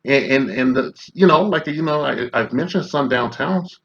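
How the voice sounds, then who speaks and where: A man's voice: medium pitch, moderate pace, a bit bright, highs cut off. A man in his fifties from Chicago, ranting in confrontational, profane commentary full of rhetorical questions. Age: 50s. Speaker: commentary vlogger.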